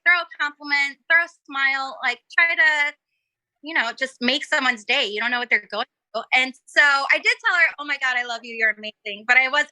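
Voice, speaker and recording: Bright, giggly high-voiced woman. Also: dry recording, poor audio. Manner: bubbly, giggly storyteller acting out quotes. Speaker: cosplayer guest. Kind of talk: casual podcast chat.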